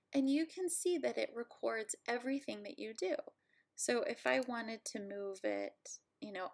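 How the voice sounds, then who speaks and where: A woman instructor at home, giving a friendly, playful software tutorial walkthrough and joking about herself. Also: a little high, vocal fry.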